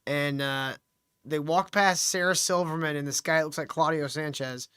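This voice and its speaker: A man's voice: a little high, fairly even intonation, moderate pace, sharp tone, clean tone, dry recording, clean studio sound. A man co-hosting a podcast, chatting crudely and laughing often as he retells scenes and acts out the voices. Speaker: podcast co-host. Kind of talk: casual crude banter.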